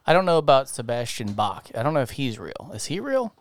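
Male co-host, loose and profane, very smooth voice, dry recording. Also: medium pitch, sing-song, brisk, no echo. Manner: laughs often, swears casually. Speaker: podcast co-host. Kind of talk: casual movie review chat.

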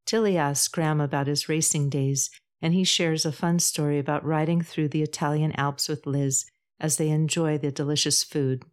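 A woman reading her own story aloud as podcast host, calm and measured. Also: sits low. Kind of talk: storybook narration.

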